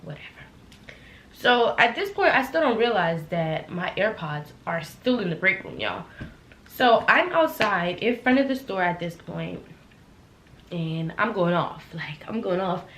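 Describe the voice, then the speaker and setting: A young woman telling a heated work story in a casual storytime vlog, acting out the quotes loudly. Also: mid-range voice, measured pace, a little hiss or hum. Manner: animated, heated retelling with loud acted-out quotes. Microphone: laptop camera. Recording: echoey room.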